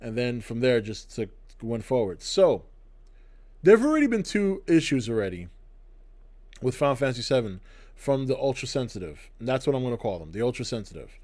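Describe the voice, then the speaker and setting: A middle-aged man talks straight into his camera in a blunt, sarcastic rant. His pitch sits at an ordinary male middle, and he lets the words run on in loose, opinionated commentary. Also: very animated, a little fast, darkish tone. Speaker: channel host. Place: indoors, to camera.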